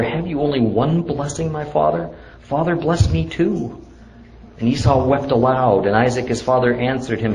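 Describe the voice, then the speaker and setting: Man, bible teacher, deliberate verse-by-verse reading, middle pitch. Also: slight background noise, low-quality recording.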